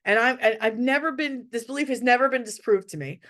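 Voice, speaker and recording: Woman, middle-aged, webinar presenter, direct and heartfelt, fairly high voice. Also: brisk, a bit bright. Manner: direct, heartfelt, with many restarts. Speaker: workshop presenter. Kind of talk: emotional webinar talk to parents. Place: hotel room.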